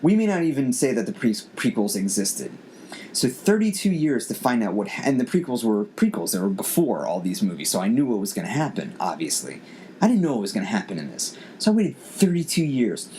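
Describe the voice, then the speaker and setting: A man's voice: lowish voice, big pitch swings, fairly quick, mellow. A man in his forties hosting a casual podcast, rambling with many restarts as he thinks aloud. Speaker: podcast host. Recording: faint background noise.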